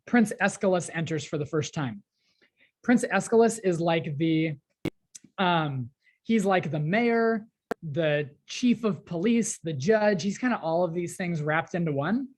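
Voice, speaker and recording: A woman's voice: fairly low pitch, animated, a little slow, a little mellow. A woman teacher casually explaining a play, paraphrasing lines in chatty modern slang.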